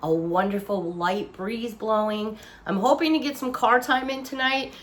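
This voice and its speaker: A woman's voice: on the high side, moderate pace. A woman chatting casually as she shows off a shopping haul from her couch at home, still getting over being under the weather. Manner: chatty, gushing exclamations. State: recovering from feeling under the weather. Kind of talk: casual chat. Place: living room couch at home.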